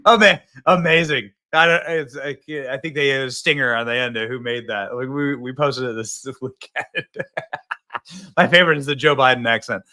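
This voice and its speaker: A man in his thirties hosting a political commentary show, excitable and mocking, and he laughs often. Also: mid-range voice, normal speed. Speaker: host.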